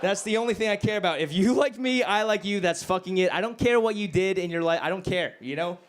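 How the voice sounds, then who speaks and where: A male stand-up comedian doing a crude, self-mocking set, dropping to low mumbles and then bursting out loud. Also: fast talker. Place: comedy club stage. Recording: live club recording with noticeable background noise. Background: audience laughter.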